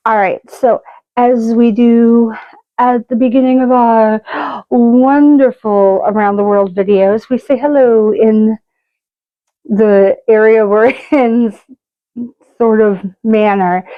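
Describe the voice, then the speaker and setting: A woman's voice: a little high, steady tone, slow pace, clean tone, no echo, narrow, tinny audio. A woman hosting a casual cooking video, chatty and joking at her own expense. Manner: chatty and self-mocking, jokes about her own accents. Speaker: cooking show host.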